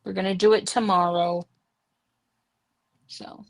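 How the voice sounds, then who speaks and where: A woman's voice: mid-range voice, fairly even intonation, gravelly. A woman host rambling casually about her crafts and home life on a video call. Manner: rambling, unhurried storytelling. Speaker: podcast host. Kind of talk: casual chat.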